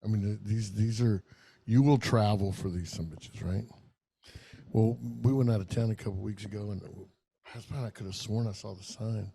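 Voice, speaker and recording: A middle-aged man with a gravelly, dark voice spins a rambling, profane story on a casual podcast. He talks loosely and animatedly, cursing freely as he goes. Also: fairly low pitch, fairly even intonation, normal speed. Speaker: podcast co-host.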